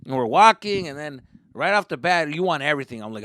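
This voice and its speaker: Animated, profane storytelling comedian. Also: male voice, fairly high pitch, fast talker, no room sound, studio quality. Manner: animated, profane, acts out voices. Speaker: comedian, podcast host. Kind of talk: comic storytelling.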